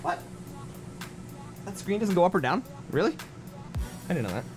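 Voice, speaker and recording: Male game streamer, voice sits a bit high, off-the-cuff chat with chat, repeats himself, music bed audible. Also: big pitch swings, moderate pace. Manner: rambling, reacts to chat with fillers and repeats. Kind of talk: casual livestream chat.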